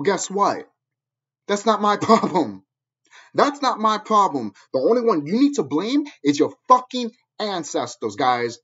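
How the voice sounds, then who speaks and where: A man delivers an angry, preachy rant, swearing constantly as he lectures his viewers. His voice is husky and a little high for a man. The recording sounds dull and lo-fi. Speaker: vlogger. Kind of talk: ranting monologue to camera.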